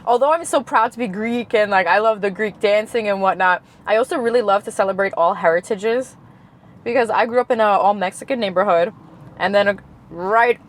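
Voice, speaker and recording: A woman's voice: mid-range voice, fairly quick. A young woman from Queens, a guest telling stories in a casual interview with lots of laughter. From Queens, New York. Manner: laughs often, animated storyteller.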